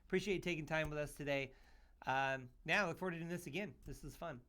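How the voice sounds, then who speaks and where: A man's voice: on the high side, quick pace, sharp tone. A man from Utah hosting a podcast, chatting casually in an upbeat, joking way, full of "man" and "dude". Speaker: podcast host.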